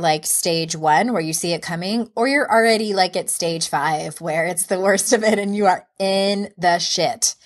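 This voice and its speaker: A woman in her thirties, a life coach hosting her podcast, talking candidly and encouragingly about her own experience. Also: on the low side. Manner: candid, self-reflective, encouraging. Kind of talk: solo podcast monologue.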